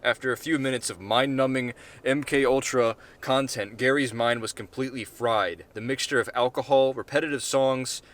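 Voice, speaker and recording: A man reads his own short story in a deadpan storytelling voice. He drifts into casual, offhand asides now and then. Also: mid-range voice, normal speed, few pauses.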